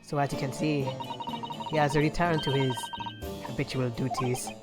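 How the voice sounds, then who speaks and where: A woman's voice: extremely low pitch, fairly even intonation, normal speed, loud music behind the voice, voice pushed down. Woman doing a genteel waxwork museum madam. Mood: proud. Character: refined female waxwork museum owner.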